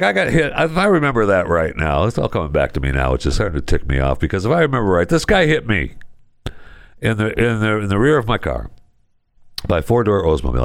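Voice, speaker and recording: Man, middle-aged, very deep voice, dry close sound, rambling talk show host. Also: creaky, no echo. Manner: animated, digressive storyteller with many restarts. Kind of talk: casual rambling talk and live ad read.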